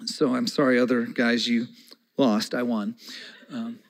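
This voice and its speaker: A man's voice: medium pitch, level tone, measured pace. A man in his forties preaching a sermon as pastor, earnest and conversational, with folksy asides.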